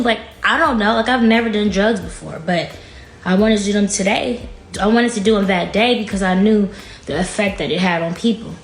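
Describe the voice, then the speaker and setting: A woman's voice: medium pitch, normal speed. A woman guest telling a painful personal story in a casual, frank way, with lots of "like". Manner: casual, frank, fills speech with "like". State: emotional, near tears at times. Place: podcast studio. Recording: echoey room with faint music.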